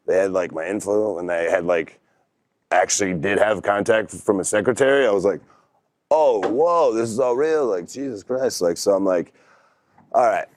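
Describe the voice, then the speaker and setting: A young man talks in a very deep, unhurried voice, recorded close and dry with no room sound. He tells stories as a guest in a loose, rambling way, full of fillers and restarts. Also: no room sound. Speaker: podcast guest. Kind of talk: casual storytelling.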